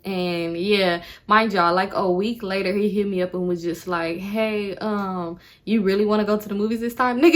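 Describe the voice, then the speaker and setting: A young woman vlogger telling a storytime in a casual, animated, profane way, often calling her viewers y'all. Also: mid-range voice.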